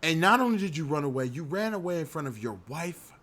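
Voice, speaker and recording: A fast-talking podcast co-host with a slightly high voice recaps wrestling in loose, casual chat. He is animated, laughs and swears a lot, and often acts out what the wrestlers said.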